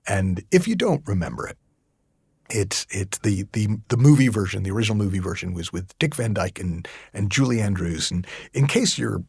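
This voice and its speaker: A middle-aged American man hosting a reflective solo podcast, talking conversationally with restarts and slow, emphatic stretches. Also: lowish voice, lively intonation, creaky, darkish tone, breathy edge, no echo. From United States. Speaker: podcast host.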